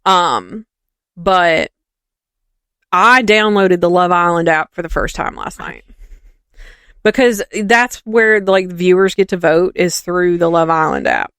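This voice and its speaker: A woman co-hosts a casual podcast, gossiping animatedly and acting out every quote. Her voice is smooth and clear, recorded dry and close with no room sound. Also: medium pitch, a bit bright, no echo. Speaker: podcast co-host. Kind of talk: casual chat.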